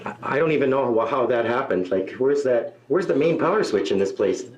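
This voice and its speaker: A middle-aged stand-up comedian with a mid-range, expressive voice tells self-deprecating stories a little fast, peppering them with asides and "eh?" tags. He's at an indoor venue before a live audience, using a stage mic on a stand, though the recording is low quality.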